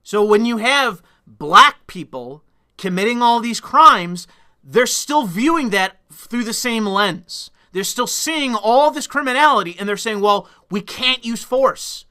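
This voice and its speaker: A man's voice: very high voice, animated, measured pace, bright, forceful tone, smooth. A man delivering a solo commentary rant in a blunt, profane, emphatic way. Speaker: political commentator.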